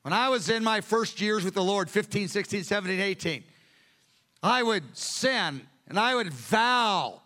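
A male pastor preaching a sermon with animated storytelling. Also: high voice, unhurried.

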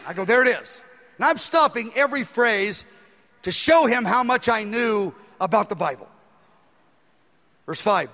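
A man's voice: very high voice, sing-song, moderate pace, pushed and bright. A man preaching a sermon, telling a story and acting out the dialogue in it with animation. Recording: long hall reverb.

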